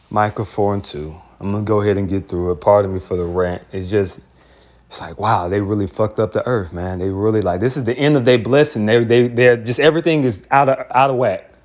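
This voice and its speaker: A man's voice: fairly low pitch, steady tone, normal speed, a little mellow. A man preaching in a heated, profane rant, often repeating and restarting words. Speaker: street preacher. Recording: dull lo-fi recording.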